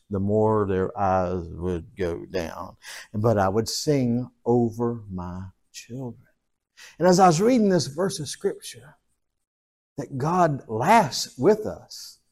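A middle-aged man, preaching a folksy sermon that calls out to the congregation, dropping low and rising to loud exhortation. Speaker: pastor.

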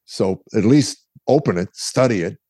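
A man's voice: fairly low pitch, expressive, normal speed, mellow, no echo. A middle-aged man, a guest author, telling his story candidly in conversation and acting out the dialogue he quotes. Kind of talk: interview storytelling.

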